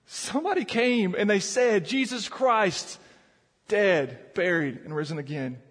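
A man's voice: high voice, expressive, measured pace, fairly bright tone, breathy edge, in a large hall. A man preaching a sermon as pastor, earnest and often repeating words as he builds emphasis. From Virginia mountains.

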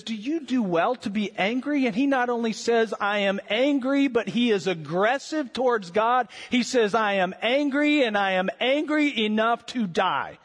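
A man preaching a sermon as pastor, earnest and emphatic, slowing down with dramatic pauses to stress key words. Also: high voice, big-room sound.

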